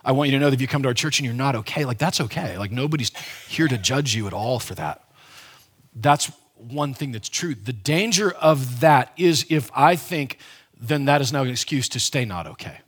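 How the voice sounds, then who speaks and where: Delivering his sermon conversationally, a pastor speaks emphatically, stressing important words and often breaking off to restart mid-sentence. His ordinary mid-pitch voice carries a slight husky breathiness, and he talks at a normal speed.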